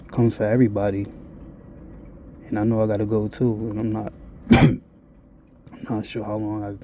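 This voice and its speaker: Flat-voiced man, very dark tone. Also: lowish voice, vocal fry, slight background noise. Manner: blunt, profane, rambling. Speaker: vlogger. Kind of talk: confessional monologue.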